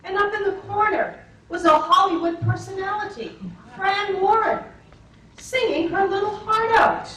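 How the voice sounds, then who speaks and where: Older lady from massachusetts telling a story, slow and wry, far off mic in a big echoey room with faint hiss. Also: extremely high pitch. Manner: expressive, acting out scenes, wry. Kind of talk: told personal story.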